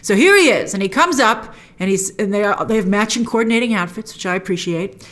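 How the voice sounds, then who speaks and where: A woman hosting a casual TV episode review, animated and quick to act out lines from the scenes in put-on voices. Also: medium pitch. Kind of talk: casual chat.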